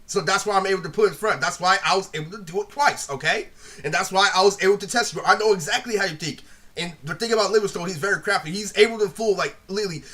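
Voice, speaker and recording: Fast, bright-voiced ranting man. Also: sits high. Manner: rambling, repeats "literally" constantly, blunt and profane. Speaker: vlogger retelling a feud. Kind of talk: ranting monologue.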